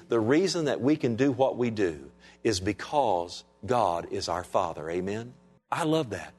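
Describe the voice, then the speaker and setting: A pastor preaches to his church in a voice of middling pitch. He calls out "Amen?" to the congregation and keeps swinging from raised, emphatic lines down to hushed, near-quiet ones. The delivery is the give-and-take of a live Sunday sermon. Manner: preachy call-and-response, asks the congregation "Amen?". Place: church sanctuary.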